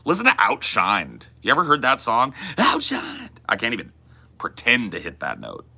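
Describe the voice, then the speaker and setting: A man's voice: lowish voice, wildly swooping pitch, moderate pace, vocal fry, pushed and bright. A man in his forties chatting casually as a podcast host, rambling and laid-back, with plenty of casual swearing. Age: 40s. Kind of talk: casual chat.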